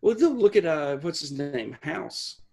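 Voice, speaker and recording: A man's voice: on the high side, big pitch swings, creaky, mellow. A man co-hosting a podcast who rambles in casual chat and gropes for words. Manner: rambling, halting, restarts. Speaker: podcast co-host.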